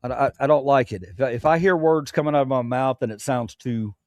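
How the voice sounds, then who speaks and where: On his late-night livestream, an adult man no longer young talks openly with his viewers in a slightly fast, somewhat mellow mid-range voice with no room sound. He wanders from topic to topic, stumbling over restarts and cursing casually.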